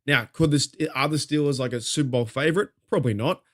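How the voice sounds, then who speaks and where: An Australian man hosting a fan talk show at a mid-range pitch. He vents in a fired-up, rambling way and swears freely, circling back over his points. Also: quick pace. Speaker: podcast host. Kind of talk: casual fan commentary.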